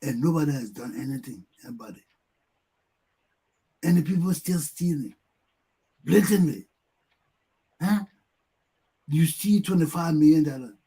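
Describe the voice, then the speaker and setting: A man with a Liberian English accent hosting a talk show, ranting heatedly and mimicking people's repeated yelling. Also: on the high side, lively intonation, a little slow, pauses often, breathy edge.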